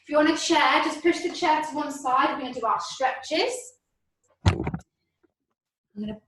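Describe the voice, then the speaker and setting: High-voiced woman leading a home workout. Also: animated, normal speed, long pauses, noisy background. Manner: encouraging, counts reps aloud. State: out of breath at times. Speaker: fitness instructor. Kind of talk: leading an online exercise class. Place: room at home. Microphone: video call. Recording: very echoey room, voice from far off.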